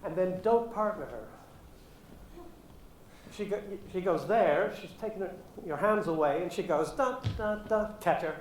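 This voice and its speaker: Guy coaching ballet, slow talker, singing da da counts, echoey studio. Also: sits high. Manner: sings the counts in da-da syllables. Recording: echoey room with light background noise.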